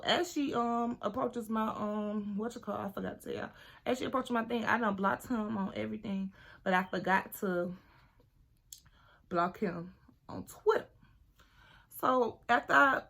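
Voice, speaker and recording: Young woman vlogger, bright forward voice, animated storytime chat at home. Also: mid-range voice. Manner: chatty, animated, talks to viewers as "girl". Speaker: beauty vlogger.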